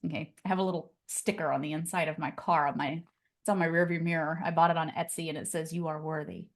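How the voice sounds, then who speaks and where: Leading a live video-call class for real estate agents, a low-voiced woman talks fast, keeping the group moving with an energetic, chatty style full of "like" and "okay?".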